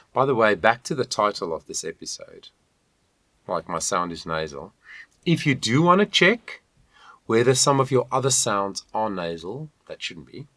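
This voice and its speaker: A man's voice: lowish voice, a bit bright, dry recording. A man teaching an online singing lesson, encouraging and demonstrating with hums and sung lines. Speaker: voice coach.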